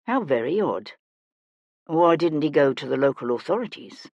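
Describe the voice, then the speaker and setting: A woman voicing a small, serious male magistrate who speaks gravely and quietly. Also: low voice, sing-song, moderate pace, dry recording, highs cut off, full character voice.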